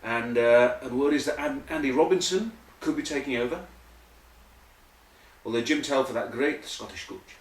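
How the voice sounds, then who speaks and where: A man's voice: mid-range voice, normal speed, fairly bright tone, recorded from a distance. A man hosting a comic rugby news monologue, rambling with jokey asides. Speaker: host. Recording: echoey room, voice off-mic.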